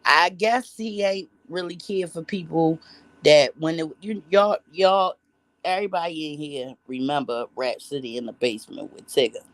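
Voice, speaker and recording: A woman's voice: deep voice, moderate pace, no room sound. A woman vlogger telling a story in casual commentary, blunt and profane, rambling with restarts and asides. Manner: profane, blunt and heavy on slang.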